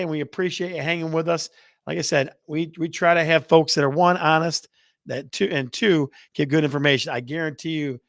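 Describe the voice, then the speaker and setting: Gravelly-voiced man hosting a chatty livestream. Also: a little high, no echo, studio quality. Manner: playful, reads out chat, counts down aloud. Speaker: real estate show host. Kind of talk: casual livestream chat.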